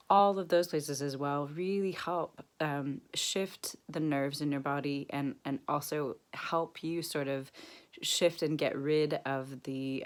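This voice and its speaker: A young woman vlogging casually, talking gently and reflectively, with a cough now and then, and softening to a near-whisper when she guides an exercise. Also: sits low. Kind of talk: casual self-help vlog. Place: Berlin.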